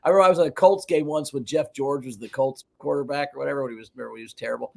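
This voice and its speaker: A man co-hosting a casual sports podcast, an animated storyteller who swears freely. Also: medium pitch, rapid-fire, vocal fry. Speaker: podcast co-host.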